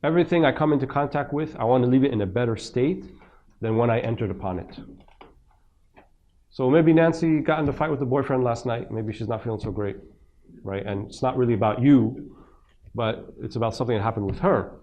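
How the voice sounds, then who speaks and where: Conversational male religious teacher, mid pitch. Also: brisk, darkish tone, dull audio. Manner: conversational, rhetorical questions, acts out quoted speech. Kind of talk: lecture commentary to a seminar audience. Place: mosque.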